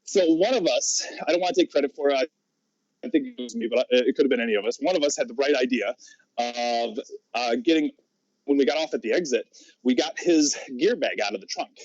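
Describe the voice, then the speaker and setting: A man's voice: medium pitch, brisk, a little mellow, no room sound. A man guesting on a podcast, telling a long story in a rambling way, laughing often and restarting his sentences. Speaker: guest, pro wrestler. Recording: slightly muffled audio.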